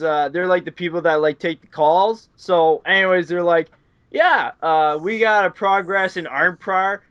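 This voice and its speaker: A man's voice: high-pitched, bright, forceful tone, dry recording. A man, a guest casually telling rambling stories full of fillers. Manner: rambling, filler-heavy, laughs often. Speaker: interview guest. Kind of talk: casual storytelling chat. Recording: dull dry audio.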